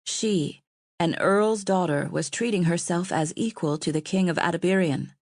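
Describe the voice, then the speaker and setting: Low-voiced woman audiobook narrator. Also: moderate pace, darkish tone, no room sound, studio quality.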